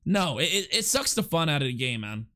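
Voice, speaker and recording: A man's voice: on the high side, very animated, fairly quick, sharp tone. A young man hosting his first live podcast, chatting casually and rambling, stammering as he reads out and answers viewers' chat. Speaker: live podcast and stream host.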